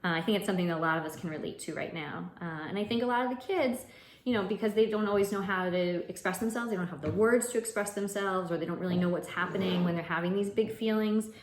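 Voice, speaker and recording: A woman's voice: mid-range voice, quick pace. A woman who is an educator, leading a casual home lesson with children, often prompting them with "right?" and some fillers. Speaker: educator leading a mindfulness activity. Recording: echoey room, faint noise.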